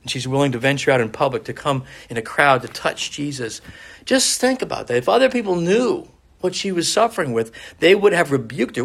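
A man's voice: fairly high pitch, sing-song, fairly quick, gravelly, breathy edge. A man preaching a sermon in an earnest way, often restarting phrases and quoting scripture. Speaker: pastor.

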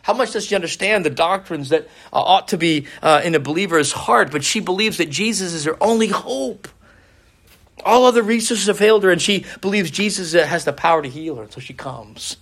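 A man preaching a sermon in an earnest, searching way, his voice sitting a little high for a man. He often restarts his phrases as he reasons aloud and quotes scripture. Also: animated, brisk, fairly bright tone. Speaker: pastor.

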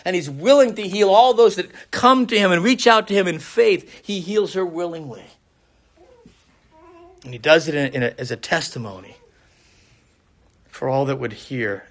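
A man preaching a sermon in an earnest, searching way, his voice sitting a little high for a man. He often restarts his phrases as he reasons aloud and quotes scripture. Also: a bit bright. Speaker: pastor.

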